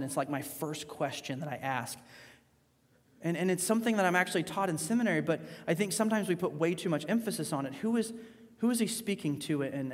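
Male preacher, high voice, emphatic sermon delivery, loud peaks and hushed asides, long hall reverb. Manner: emphatic, swings between loud rising points and quiet asides. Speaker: pastor.

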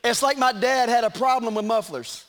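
A middle-aged man preaching a sermon in a church, animated, with shouted peaks and joking asides. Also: very high-pitched, moderate pace. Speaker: pastor. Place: church sanctuary.

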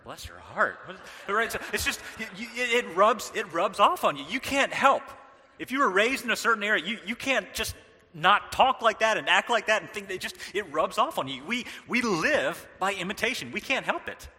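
A middle-aged man from the American South giving a lively, joking sermon as a pastor. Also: high voice, moderate pace, in a large hall. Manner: animated, joking, with playful impressions.

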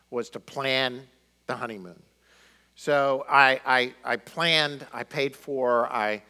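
A middle-aged man telling personal stories in a conversational sermon, animated and full of fillers. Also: medium pitch. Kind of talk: sermon storytelling.

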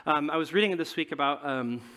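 Male pastor, conversational sermon, slightly high voice, emphatic then hushed, long hall reverb. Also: brisk. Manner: conversational preaching, frequent tag questions. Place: church room with a congregation.

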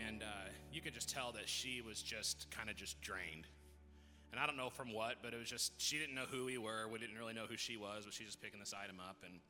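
Halting male pastor in an echoey church. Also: lowish voice. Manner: halting, repeats words and restarts. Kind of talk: sermon with personal story. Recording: music with long hall reverb.

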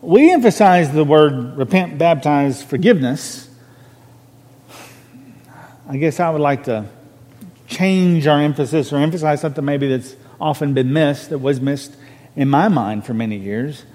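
A minister preaching a sermon from a podium, earnest and conversational, stressing key words. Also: male voice, a little high, a little slow, darkish tone, in a large hall. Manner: earnest, conversational preaching with restarts and rising emphasis. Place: church sanctuary on a raised podium.

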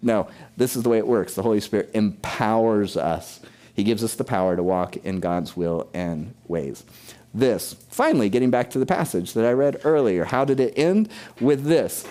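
A man's voice: on the low side, animated, moderate pace, warm tone. A middle-aged man preaching a sermon with emphasis, asking questions of his congregation. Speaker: pastor.

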